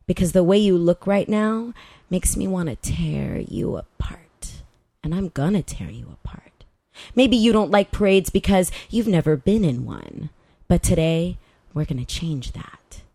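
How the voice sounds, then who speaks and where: Play it as a whispered role-play, a woman putting on a firm butch lover. Drop your pitch well below your own voice and keep every word slow, quiet and steady, giving orders that leave no room for argument, close and dry on the mic. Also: gravelly, dry recording, heavily acted. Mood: hushed. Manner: slow, hushed, dominant.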